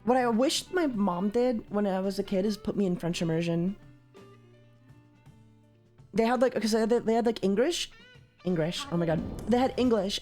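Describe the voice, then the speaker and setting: A young woman from Canada chatting casually as a streamer while playing a card game, with sudden loud, high exclamations.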